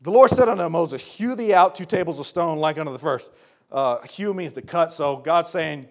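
A man preaching a sermon in an earnest, folksy way, calling his listeners folks and turning from low explanation to shouted appeals. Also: expressive, moderate pace.

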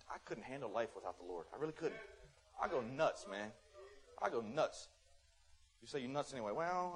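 A man preaching a sermon, swinging from loud scolding to quiet, earnest testimony and acting out little dialogues in quick voices. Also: mid-range voice.

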